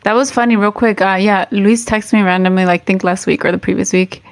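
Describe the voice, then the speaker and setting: A woman's voice: mid-range voice, steady tone, fairly quick, no echo. A tired woman co-hosting a casual podcast chat, easygoing and mixing Spanish with English. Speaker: podcast co-host.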